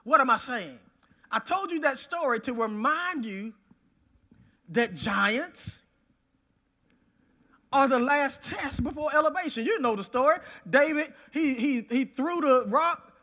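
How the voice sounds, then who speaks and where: A man preaching a sermon, emphatic, repeating key phrases and swinging between loud declarations and hushed asides. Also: very high voice, animated, a little slow, long pauses.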